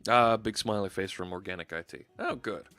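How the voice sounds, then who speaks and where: A man's voice: fairly low pitch, moderate pace, bright, forceful tone. Chatty man live-coding with faint music. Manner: chatty, thinking aloud with fillers. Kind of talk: casual live coding commentary.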